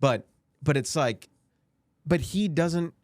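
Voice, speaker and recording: A man co-hosting a podcast, delivering sarcastic political banter in a mock-outraged tone that swings into high mocking voices. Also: slow pace, no room sound, studio quality. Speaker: podcast co-host.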